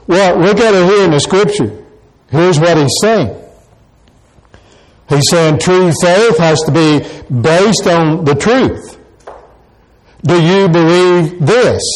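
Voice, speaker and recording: A man's voice: fairly high pitch, low-quality recording. A pastor preaching a sermon to his congregation, pressing the same questions again and again. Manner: repeats rhetorical questions to the congregation.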